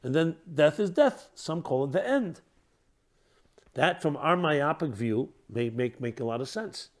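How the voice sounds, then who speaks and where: Male rabbi, reflective teacher, rhetorical questions, soft trailing endings, light voice. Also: a little high, expressive, unhurried. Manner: thoughtful, asks rhetorical questions, trailing off softly.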